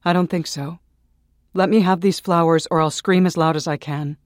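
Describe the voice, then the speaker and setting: A man voicing a defiant young woman who makes loud, threatening demands. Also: mid-range voice, fairly even intonation, moderate pace, no echo, studio quality, close to an everyday voice.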